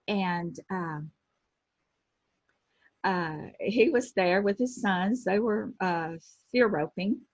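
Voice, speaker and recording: A woman in her sixties, a former pro wrestler, telling lively anecdotes in an interview and acting out the people she quotes. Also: mid-range voice, extremely slow, long pauses, dry recording. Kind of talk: casual storytelling interview. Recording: dull lo-fi sound.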